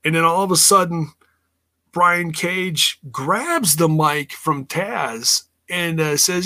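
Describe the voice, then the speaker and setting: A man's voice: on the high side, expressive, slow, bright, forceful tone. A man hosting a podcast, recapping wrestling in a rambling, blunt way and swearing freely. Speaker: podcast host.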